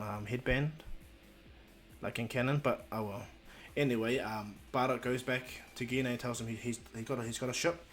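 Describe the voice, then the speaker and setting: A man's voice: medium pitch, a bit bright. Man rambling through a fan story. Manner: rambling, with many restarts, and quotes each character in the flow. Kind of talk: casual improvised fan story narration.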